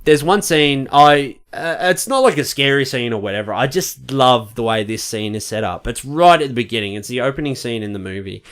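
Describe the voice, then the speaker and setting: A bright, forceful man who co-hosts a casual podcast and tells a story with plenty of energy. He acts out the quoted shouts himself and swears freely. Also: medium pitch, fairly quick, few pauses, clear, resonant tone. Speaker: podcast co-host.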